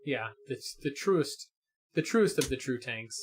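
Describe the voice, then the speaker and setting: A man's voice: medium pitch, expressive, a little slow, slight background noise. A man co-hosting a gaming stream in casual chat, explaining character builds with many fillers and restarts.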